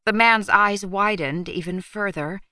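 A woman reading a novel aloud as audiobook narrator, in a steady, measured storytelling manner. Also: medium pitch, no room sound. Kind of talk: scripted narration.

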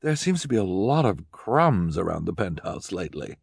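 A man voicing a mild, agreeable middle-aged man in an audiobook, gentle and accommodating. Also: low-pitched, very animated, normal speed, gravelly, breathy edge, no echo, clean studio sound, exaggerated voice.

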